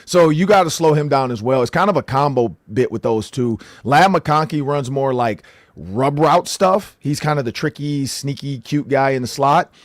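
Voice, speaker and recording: A man's voice: mid-range voice, normal speed, no echo, clean studio sound. A man co-hosting a casual sports analysis show, rambling and jokey, often correcting himself mid-sentence.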